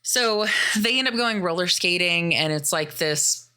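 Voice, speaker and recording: A woman's voice: lowish voice, unhurried, smooth. A woman podcast host from the US Midwest recapping a movie in a casual, chatty way, acting out the characters' lines. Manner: animated, chatty, acts out quoted lines.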